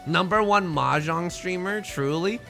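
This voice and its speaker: A man streaming a mahjong game, chatting casually with his chat in a jokey, animated way with mock-heated rants. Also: high voice, measured pace, vocal fry, soft background music. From born outside the United States. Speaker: Twitch streamer playing mahjong.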